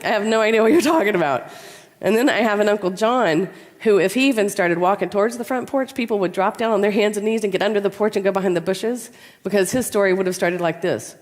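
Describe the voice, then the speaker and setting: A woman with a cold, giving a storytelling conference talk in an anecdotal, measured way with pauses. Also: mid-range voice. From American South. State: has a cold. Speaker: conference speaker. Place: large conference hall. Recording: long reverb in a large hall.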